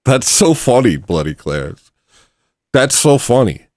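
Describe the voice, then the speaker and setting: This livestream host has a slightly mellow, medium-pitched voice that swings widely in pitch, and he speaks a little slowly. He chats casually, rambling and cracking jokes while reading super chats and thanking donors, on a dry, studio-quality recording.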